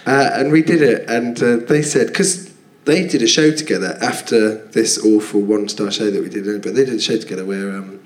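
A man's voice: on the low side, fairly quick, hardly any pauses. A male comedian telling a self-mocking story, rambling and laughing through it, as a guest on a live podcast. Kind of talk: comic anecdote on a live podcast. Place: theatre stage. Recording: echoey theatre stage.

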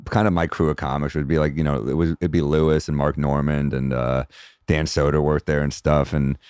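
A man hosting a podcast, telling comedy-club stories in a casual, animated way and bursting into loud impressions of people. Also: a bass voice, brisk, smooth, no room sound, clean studio sound. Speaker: podcast host. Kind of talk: casual storytelling chat.

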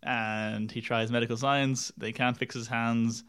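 A man's voice: medium pitch, flat delivery, measured pace, a bit bright, clean tone. A man reviewing films in casual chat, rambling and wry, laughing at his own jokes and swearing now and then. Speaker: podcast film reviewer.

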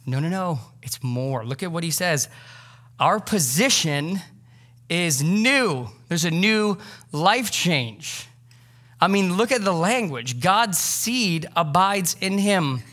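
A man in his thirties preaches a sermon in a church, speaking casually and conversationally, with plenty of filler words. His voice sits a little high for a man. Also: lively intonation, slow pace, a bit bright. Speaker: pastor. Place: church sanctuary.

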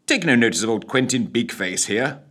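A man's voice: mid-range voice, lively intonation, normal speed, a bit bright, slightly rough. A man voicing a cheerful, jovial seafaring stoker in a radio story reading. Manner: jovial and hearty.

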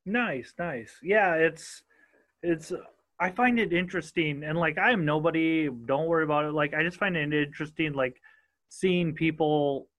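A man's voice: a little high, normal speed, fairly bright tone. A man from Minnesota with a Minnesotan accent, hosting a casual interview podcast and rambling with casual swearing. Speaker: podcast host.

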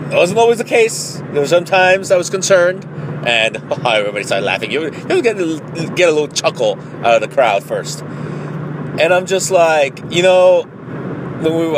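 A man's voice: a little high, background noise. A man, a marathon runner, tells a story in a casual, rambling way, with many fillers and some swearing.

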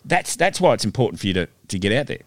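Brief: low-pitched man, easygoing podcast co-host, dry close recording. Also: very animated, fast, no echo. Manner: casual, agreeable with short backchannels. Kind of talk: podcast interview.

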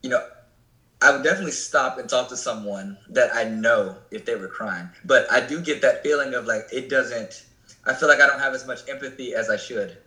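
A man's voice: medium pitch, a little fast, bright, forceful tone. Earnest man in an echoey room. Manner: earnest, searching for words. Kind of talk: casual faith conversation.

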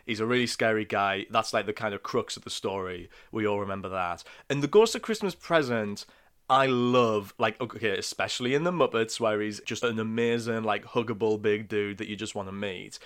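Animated man gushing about a film. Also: fairly low pitch, moderate pace, clean tone. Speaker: podcast co-host. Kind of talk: casual film podcast chat.

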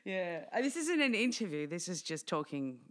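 Chatty podcast host woman, low voice. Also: sing-song, a bit bright. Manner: chatty, laughing easily, quick asides. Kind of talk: casual podcast chat.

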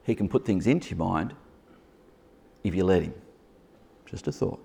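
A man preaching a lively sermon to a congregation in a church hall, teasing and joking with his listeners as he goes. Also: low-pitched, normal speed, gravelly, husky. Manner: playful, teasing asides to the congregation.

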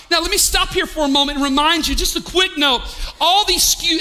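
A male pastor preaching an animated sermon, often rising to a shout. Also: very high voice, a little fast. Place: church sanctuary. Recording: long hall reverb.

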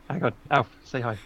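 Man, podcast co-host, bright forceful tone, animated pitch, playful, blunt, swears. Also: creaky, slight background noise. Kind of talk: casual podcast chat.

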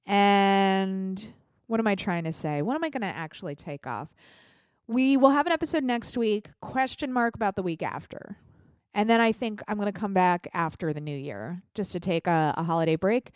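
A woman hosts her podcast alone in a chatty, blunt way. Her voice is stuffy from a sinus infection, and her pitch swings widely as she talks. The sound is close and dry, with no room around it. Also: expressive, moderate pace, clean tone, no room sound. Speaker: podcast host. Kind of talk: solo political podcast commentary.

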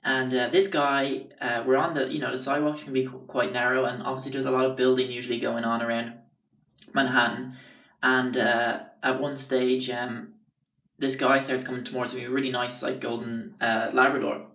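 A man's voice: medium pitch, little pitch movement, moderate pace, bright, forceful tone. A young man with an Irish accent tells stories from his life in a rambling, sweary way with lots of fillers. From Ireland. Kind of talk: casual storytelling. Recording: roomy, distant, dull sound.

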